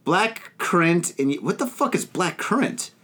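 Animated joking man, lively pitch. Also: unhurried. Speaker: podcast co-host. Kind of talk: casual chat. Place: indoors at a table.

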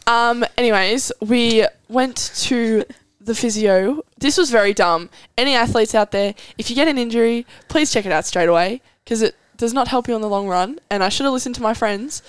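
A teenage Australian girl chatting casually as a podcast host, rambling and giggly. Her voice is smooth and clear, recorded close and dry with no room sound. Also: a little high, normal speed, few pauses, no room sound. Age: teens. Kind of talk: casual chat.

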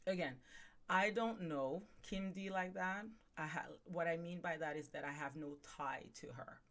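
A woman hosting a podcast in casual chat, talking to her viewers as "guys" with plenty of ums and asides. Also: fairly low pitch. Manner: chatty, addresses viewers as guys, many fillers. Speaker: podcast host.

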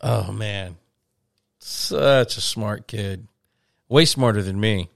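A middle-aged man chatting casually as a podcast co-host, telling animated stories and laughing easily. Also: on the low side, takes it slowly, gravelly, no echo, studio quality. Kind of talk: casual chat.

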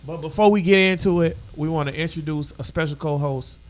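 A man's voice: on the high side, fairly quick. A man hosting a podcast, teasing his co-hosts in loose, profane banter. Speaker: podcast host. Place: bar with co-hosts.

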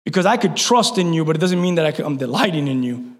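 A male pastor preaching a sermon, fervent, building to shouts and then easing down with self-mocking asides. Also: a little high, expressive, fast. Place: church hall. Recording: long reverb of a large hall.

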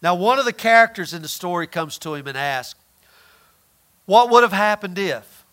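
A man's voice: high voice, expressive, moderate pace, pushed and bright. A man preaching a conversational sermon, often repeating words and asking his listeners questions.

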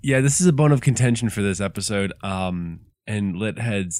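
A man who teaches high school English, talking in a casual podcast chat, wordy and self-deprecating, often pausing on ums. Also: dry recording, clean studio sound.

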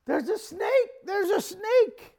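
Man putting on a shrill panicky woman. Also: very animated, takes it slowly, warm tone, full character voice. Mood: panicked. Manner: shrill, pleading. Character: panicky adult woman scared of a snake.

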